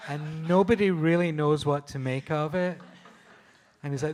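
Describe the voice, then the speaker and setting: A man's voice: fairly high pitch, unhurried, long pauses, a little mellow. A man from Scotland with a Scottish accent, a photographer telling enthusiastic, laughing stories at a live panel talk, with frequent restarts. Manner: enthusiastic storyteller, laughs often, restarts and fillers. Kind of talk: anecdotal talk at a public event.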